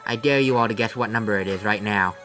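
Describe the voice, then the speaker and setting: A man's voice: on the low side, fast talker. A man hosting a let's play, chatting casually over the game in rambling, offhand asides. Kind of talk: casual gaming commentary. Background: game music.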